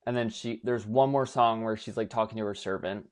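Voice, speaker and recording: A young man co-hosting a podcast, gushing and animated as he recaps a show, swearing casually. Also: fairly low pitch, a little fast, a little hiss or hum. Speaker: podcast co-host. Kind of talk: casual chat.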